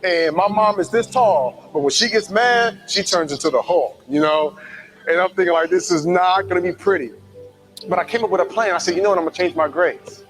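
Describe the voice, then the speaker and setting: A man giving a motivational talk, telling his own life story with lively acted-out quotes. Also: high-pitched, a little fast, soft background music, low-quality recording. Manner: animated, acts out quoted voices. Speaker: motivational speaker.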